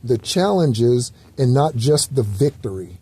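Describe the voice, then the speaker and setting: Man, spiritual talk host, rambling casual delivery, mellow dark tone, dry close sound. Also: medium pitch, expressive, a little slow, husky, no room sound. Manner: loose, rambling, repetitive with fillers and occasional swearing.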